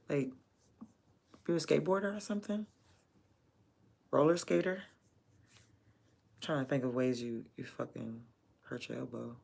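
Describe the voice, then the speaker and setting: Gravelly woman chatting on her stream, blunt, swears a lot, laughs a bunch. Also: sits low, measured pace, pauses often. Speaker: livestreamer. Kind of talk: casual livestream chat.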